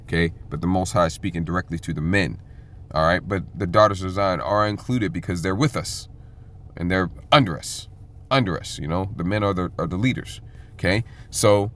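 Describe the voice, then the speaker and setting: A man's voice: deep voice, lively intonation, a little fast, a bit bright. A man preaching a sermon and teaching scripture in an emphatic, conversational way, often checking in with "okay?" and slipping into blunt slang. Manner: blunt street slang and occasional profanity.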